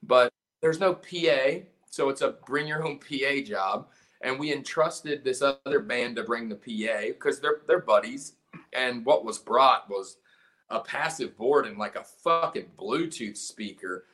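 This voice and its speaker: A punk band's singer and guitarist from South Carolina, speaking unhurriedly in a mid-range, slightly bright voice, shares a rambling, profane story as a podcast guest and keeps restarting.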